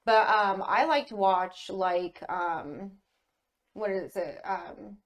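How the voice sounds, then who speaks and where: A woman's voice: medium pitch, takes it slowly. A woman co-hosting a casual podcast chat, rambling through stories with plenty of fillers and frequent laughter. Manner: rambling storyteller, laughs often, lots of fillers. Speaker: podcast co-host.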